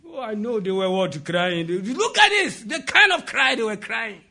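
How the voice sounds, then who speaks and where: A man preaching an impassioned sermon, often shouting and putting questions to the congregation. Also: sits high, animated, measured pace, vocal fry, hardly any pauses.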